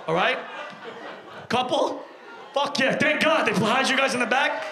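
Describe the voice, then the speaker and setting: With a very high-pitched voice and a brisk pace, a stand-up comedian works a comedy club audience, profane and ranting, impersonating voices and riffing with people in the room.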